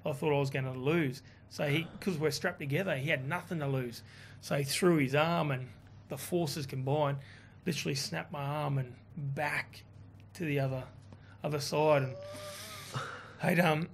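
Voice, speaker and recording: Man, casual storyteller, a bit high-voiced, faint background hiss. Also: normal speed. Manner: animated, swearing, quotes others in his own voice. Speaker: guest.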